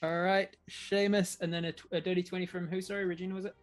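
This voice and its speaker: A man narrating a tabletop game as game master, animated, laughing often. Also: high-pitched, fast talker.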